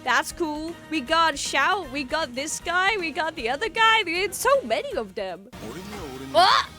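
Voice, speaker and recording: A woman with a high, bright voice gives excited reaction commentary, her pitch swinging widely as she breaks into shouts and squeals. Faint music plays underneath. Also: moderate pace. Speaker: reaction video host.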